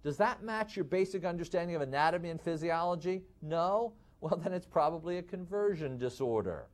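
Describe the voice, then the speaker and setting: A man with a Midwestern accent giving a lively lecture, asking the class rhetorical questions and calling them folks. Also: a little high, a little fast. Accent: Midwestern American. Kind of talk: recorded lecture to medical students.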